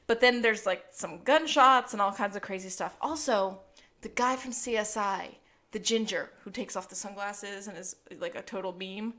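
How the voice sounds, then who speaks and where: A woman co-hosting a chatty podcast, rambling through a recap with plenty of filler words. She laughs easily, and her voice sits at an ordinary middle pitch. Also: normal speed, sharp tone. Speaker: podcast co-host. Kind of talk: casual chat.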